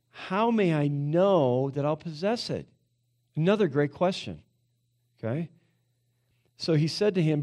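Casual, animated man preaching a sermon. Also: a little high. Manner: casual, animated preaching with many fillers and restarts. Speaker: pastor.

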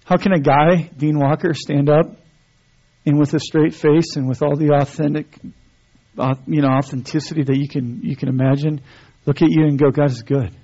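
A man's voice: fairly high pitch, flat delivery, moderate pace, dark tone. A man preaching a sermon to his church, talking conversationally with many restarts and building to emphatic stretches. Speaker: pastor. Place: church sanctuary. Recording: dull lo-fi sermon recording.

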